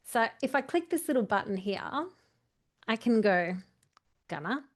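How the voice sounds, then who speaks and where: A woman's voice: on the high side, lively intonation, measured pace. A woman coaching a video editing tutorial, chatty and walking through each step while correcting herself as she goes. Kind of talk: screen-share editing tutorial.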